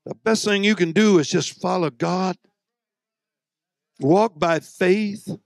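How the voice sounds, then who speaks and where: A man preaching a fiery sermon, emphatic and folksy, with drawn-out phrases that swing between loud and hushed, plus joking asides to the congregation. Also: sits high, creaky, no room sound. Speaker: visiting preacher.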